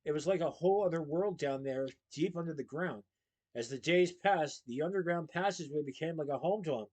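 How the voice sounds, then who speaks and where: A man reading a children's novel aloud, in steady, lively storytelling. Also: a little high, fairly quick, rough recording.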